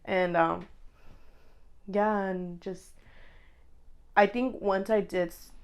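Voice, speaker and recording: A young woman co-hosting a podcast, talking candidly in a casual chat, full of "like" fillers and quick quoted asides. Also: mid-range voice, steady tone, smooth. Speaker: podcast co-host.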